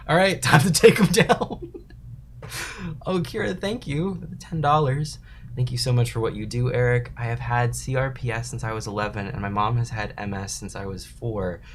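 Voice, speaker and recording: A man's voice: fairly low pitch, a little hiss or hum. A young man hosting a casual livestream, reading chat messages aloud and answering them in a rambling, laid-back way, laughing often.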